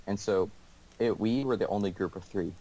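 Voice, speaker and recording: A man's voice: lowish voice, moderate pace, dark tone. A teenage boy casually telling a school story over a call, rambling with lots of restarts and laughs. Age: teens.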